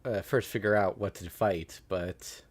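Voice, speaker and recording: A man's voice: low voice, unhurried, breathy edge. A man voicing a sarcastic, cocky male servant warrior from a visual novel, with a wry, mocking delivery. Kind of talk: reading game dialogue aloud.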